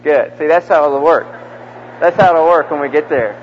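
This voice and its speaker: A man's voice: fairly high pitch, normal speed, slight background noise. A male preacher leading a large church crowd in call-and-response during a sermon, coaxing them section by section. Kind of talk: interactive sermon. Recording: dull echoey hall recording from the mic.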